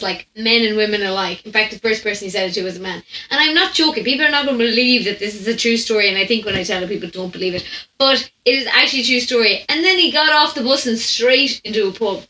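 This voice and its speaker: Young irish woman storytime chat, laughy and animated, echoey room. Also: on the high side, quick pace. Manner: animated, laughs often, breaks off mid-sentence. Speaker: podcast host. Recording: roomy echo.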